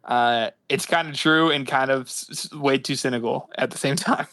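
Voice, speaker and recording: A man's voice: mid-range voice, normal speed, pushed and bright, no room sound. A man co-hosting a casual book podcast, thinking aloud with "uh" and "like" as he reasons. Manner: thinking aloud with "uh" and "like" while he talks. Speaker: podcast co-host.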